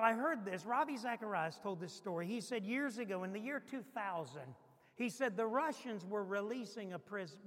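A male pastor preaching a sermon, emphatic and repetitive, dropping to a hush and rising loud again. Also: high-pitched, in a large hall. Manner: emphatic preacher, repeats phrases, swings between loud and hushed.

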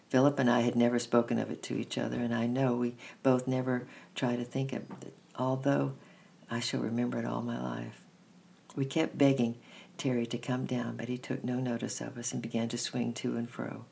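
A man reading a children's story aloud in a steady, measured first-person narration. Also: medium pitch, creaky, a little hiss or hum.

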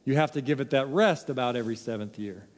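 A man's voice: medium pitch, fast, in a large hall. A man preaching a sermon, emphatic and full of rhetorical questions. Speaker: pastor.

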